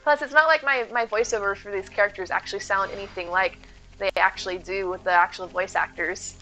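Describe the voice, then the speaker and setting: Woman, game streamer, casual chat, lively, bright voice, soft music underneath. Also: medium pitch, a little fast, poor audio. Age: adult. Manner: chatty, reads chat aloud, lively. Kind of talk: casual chat while gaming.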